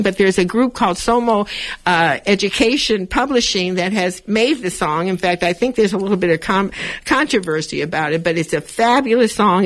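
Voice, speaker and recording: A woman hosts a community radio show, speaking from the studio straight to her listeners. She talks in an animated, chatty way. Her monologue stays encouraging and self-affirming throughout. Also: medium pitch.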